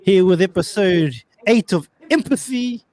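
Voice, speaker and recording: Male podcast host, a touch high, easygoing and rambling. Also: expressive, a little slow, darkish tone. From Australia. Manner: rambling, with many fillers and restarts. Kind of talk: casual podcast chat.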